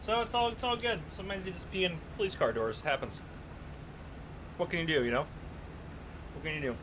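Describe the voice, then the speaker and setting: A man's voice: sits high, a little fast, background noise. A man chatting casually on a live gaming stream, telling stories, reading chat aloud and laughing often.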